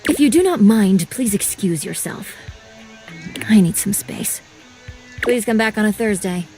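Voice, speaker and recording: A reclusive, formal female object in a game; stiff and measured delivery, faint music under. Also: mid-range voice, expressive, darkish tone. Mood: dismissive. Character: reserved, formal female household object who prizes solitude. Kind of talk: video game voice acting.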